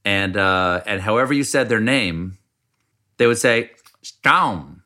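A middle-aged man from South Carolina with a bright, forceful voice that sits a little low. He tells stories in casual chat and acts out the people in them with a raised, animated voice. His Southern accent slips through. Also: measured pace. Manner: animated storyteller, mimics people in higher voice.

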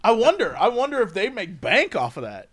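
High, lively-voiced young man musing aloud. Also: a little fast, breathy edge, no echo. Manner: musing, thinks aloud with restarts. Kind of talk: casual chat.

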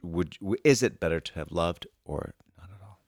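A man's voice: sits low, normal speed, no room sound. A man co-hosting a podcast, chatting casually with short, dry replies and reading an old advice column aloud. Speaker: podcast co-host.

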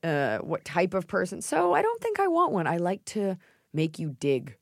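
A woman's voice: lowish voice, huge pitch swings, moderate pace, gravelly, no echo, studio quality. An American woman co-hosting a podcast, chatting in a blunt, joking, playful way. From United States. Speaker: podcast co-host. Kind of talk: casual chat.

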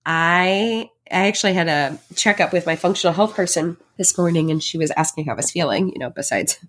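A pregnant woman hosts her own solo podcast, speaking in a lowish, fairly bright voice at a fairly quick clip. Her talk is heartfelt and reflective, chatty and packed with fillers.

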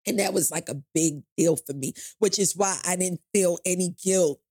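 A woman's voice: on the low side, moderate pace, mellow, husky, dry recording, studio quality. A middle-aged woman from New York, telling a painful personal story in an interview, candid and profane, acting out the people in it. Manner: candid, profane, acts out voices in her story. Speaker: guest telling her life story.

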